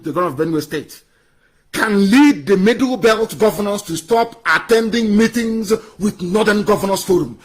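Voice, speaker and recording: A man's voice: sits high, a bit bright. A man with a Nigerian English accent giving an impassioned political broadcast, scornful and repeating phrases for emphasis. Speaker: political activist addressing followers.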